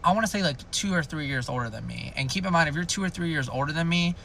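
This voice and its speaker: A man's voice: a little high, fast talker, vocal fry, pushed and bright, slight background noise. A young man telling a rambling, jokey storytime in a chatty way. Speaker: storytime youtuber. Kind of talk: casual storytime.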